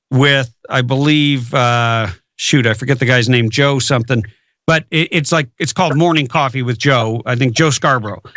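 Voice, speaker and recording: Male radio host, emphatic and forceful, bright voice recorded dry. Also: fairly high pitch, no echo. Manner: emphatic, repeats words for stress. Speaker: radio talk show host. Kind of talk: political talk radio.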